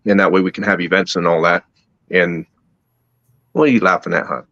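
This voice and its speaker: A man telling a personal story at a slow, halting pace, with many restarts. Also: deep voice, fairly even intonation, a bit bright, no echo, muffled recording. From United States. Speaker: podcast guest. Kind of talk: casual storytelling.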